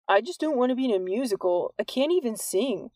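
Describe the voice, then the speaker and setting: A woman voicing a cheeky, wisecracking teenage schoolboy who talks in a low, dry, sarcastic way. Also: expressive, brisk, darkish tone, no room sound, natural voice.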